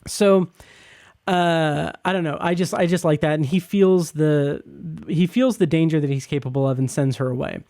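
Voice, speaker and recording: A man talks through his thoughts on a TV episode in a relaxed, rambling podcast style, stumbling over words and circling back as he goes. His voice is mellow and slightly raised in pitch, recorded close and dry with no room sound. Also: no echo. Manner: halting, many fillers and restarts, enthusiastic. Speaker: podcast host reviewing a TV episode. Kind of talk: casual spoken review.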